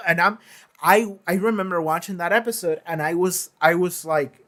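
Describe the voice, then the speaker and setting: A reaction-channel host talking casually in a question-and-answer vlog, animated and emphatic, with lots of filler words and casual swearing. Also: mid-range voice, moderate pace. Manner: acts out quoted lines in shifted voices.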